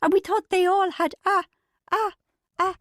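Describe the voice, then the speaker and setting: A woman's voice: very high-pitched, steady tone, measured pace, a bit bright, dry recording, clean studio sound, pitched above the performer's own voice. A woman voicing a young woman so helpless with laughter that she stammers and gasps through her words. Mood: laughing helplessly.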